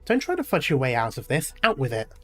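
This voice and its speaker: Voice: mid-range voice, wildly swooping pitch, fast talker, a bit bright, soft background music. A streamer reading out a stern, caring young woman doctor in a game's story, firm and scolding in an everyday voice.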